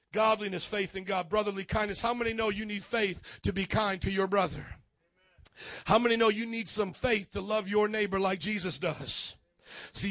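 A man preaching in a church, telling lively stories and acting out his neighbors, swinging from loud to quiet. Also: sits high, gravelly, no room sound. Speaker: pastor. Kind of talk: sermon.

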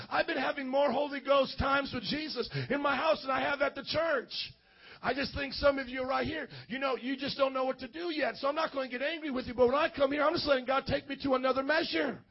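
A man preaching a charismatic sermon as pastor, fervent, swinging from shouting to quiet and calling on the congregation to respond. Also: very high voice, steady tone, quick pace, gravelly, highs cut off.

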